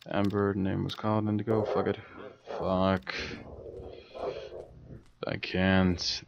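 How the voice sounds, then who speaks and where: A man's voice: low-pitched, flat delivery, takes it slowly, creaky, pauses often. A man casually commenting while playing a horror game, muttering, thinking aloud and swearing often. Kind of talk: casual let's play commentary. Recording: dull lo-fi mic with faint noise.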